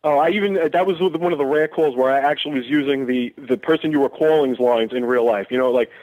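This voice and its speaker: A man's voice: medium pitch, quick pace. A man, a fan calling into a radio show, asking questions with many hesitations and fillers. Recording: tinny phone line.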